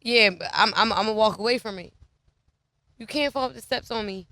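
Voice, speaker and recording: Woman talking blunt slangy podcast chat, bright voice, dry mic. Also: a little high, brisk, dry recording. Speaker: podcast guest. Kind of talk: casual chat. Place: studio.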